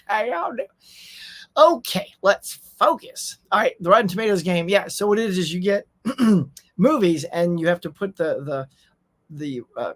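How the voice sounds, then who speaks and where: A man's voice: high voice, fairly bright tone. A man hosts a casual morning livestream, talking easily with his viewers. He reads their messages aloud and answers them in a loose, friendly chat, dropping plenty of y'alls. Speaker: host.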